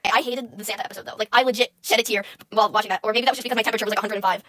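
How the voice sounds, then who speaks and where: Fast-chattering high-voiced young woman streamer. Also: fairly even intonation, fairly bright tone. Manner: rambling, giggly, talks to chat. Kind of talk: casual stream chat.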